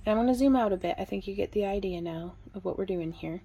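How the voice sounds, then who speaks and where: A woman giving a relaxed, chatty hands-on craft tutorial, talking through each step and counting stitches aloud. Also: medium pitch, fast talker, slightly rough, lo-fi sound. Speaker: craft instructor.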